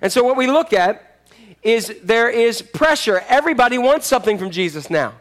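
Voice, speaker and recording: A man preaching a sermon as pastor, animated and acting out the voices of people in the story. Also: very high-pitched, normal speed.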